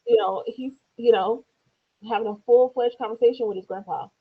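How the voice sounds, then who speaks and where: Woman telling her own story on a tinny phone-like recording, gravelly voice, does the voices when she quotes people. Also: medium pitch, fast talker. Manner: acts out quoted speech in raised voices. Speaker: interview guest. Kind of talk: personal storytelling.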